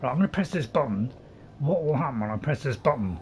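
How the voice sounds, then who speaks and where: A man's voice: medium pitch, lively intonation, fast talker, darkish tone, slight background noise. A man commentating casually on his own game playthrough, joking and teasing himself as he goes. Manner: chatty, joking, self-mocking, tries silly voices. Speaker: gameplay commentator. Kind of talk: casual let's play commentary.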